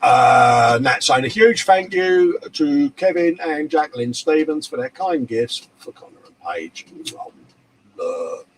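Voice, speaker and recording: A man's voice: fairly high pitch, animated, slow pace, slight background noise. A man, chatting casually and jokily on a live hobby show, laughing often and reading out viewer comments. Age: 40s. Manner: chatty and jokey, laughs often, calls people mate. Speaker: co-host of a live model-building chat show.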